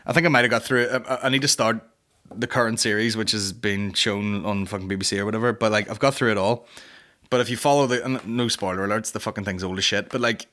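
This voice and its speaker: A man's voice: fairly low pitch, fairly even intonation, quick pace, bright, forceful tone. A man hosting a comedy podcast in a casual, rambling rant that is full of swearing.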